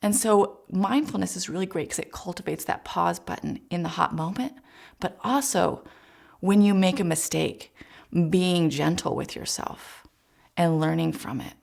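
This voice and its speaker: A woman child psychologist giving a gentle, encouraging parenting talk, speaking directly to parents. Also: on the low side, normal speed, gravelly.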